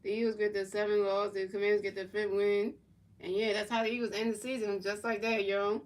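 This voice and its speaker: A woman's voice: medium pitch, level tone, fairly quick, distant mic. A woman from Philadelphia streaming a football video game, calling plays and chatting casually with viewers, often repeating and restarting her phrases. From Philadelphia, USA. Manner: repetitive, restarts phrases, casual chat-reading. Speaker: gaming streamer.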